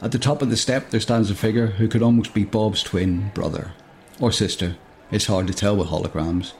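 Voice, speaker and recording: A man's voice: fairly low pitch, fairly even intonation, brisk, a little mellow, slight background noise. A man reading a comic story aloud, breaking off often to joke and laugh. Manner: jokey, laughs often, digresses. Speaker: storyteller and podcast host.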